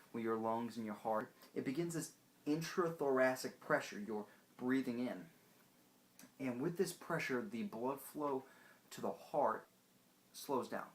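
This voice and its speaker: A young man explains everyday body puzzles in a loose, joking way, speaking straight to the viewer. His voice sits at an ordinary middle pitch, and he keeps the delivery animated and casual throughout. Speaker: science video host.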